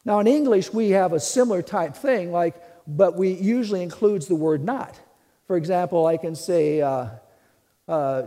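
A man's voice: high voice, moderate pace, dark tone, long reverb tail. A man preaching a teaching sermon, emphatic, repeating and restarting phrases as he explains. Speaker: pastor.

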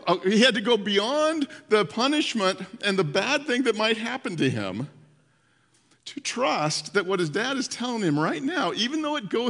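A man preaching a sermon as pastor, telling a story in an animated way and acting out the voices in it. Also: extremely high pitch, big-room sound.

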